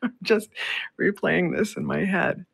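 A woman's voice: fairly low pitch, a little slow, vocal fry, slightly rough. A middle-aged woman from Canada hosting a radio show, telling a story in casual chat and laughing often. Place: radio studio.

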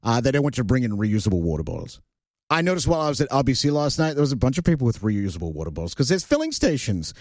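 Man, talk radio host, from canada, sarcastic, lively pitch, dry studio mic. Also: very fast, dry recording. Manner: blunt, sarcastic, ranting. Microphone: studio microphone.

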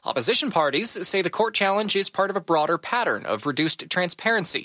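Bright-voiced male radio news reporter. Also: a little high, no echo, studio quality. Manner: crisp, formal reporting.

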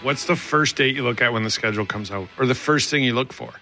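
A man's voice: medium pitch, quick pace, sharp tone, soft background music. A man co-hosting a sports radio show, teasing his partner in playful banter. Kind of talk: casual sports radio chat.

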